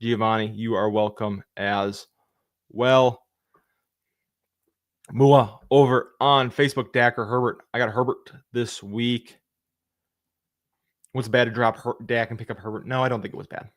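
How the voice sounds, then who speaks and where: A young man hosting a casual live Q&A, reading viewer questions aloud, answering them quickly and thanking people by name. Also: medium pitch, fairly even intonation, no room sound, clean studio sound. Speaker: fantasy football livestream host.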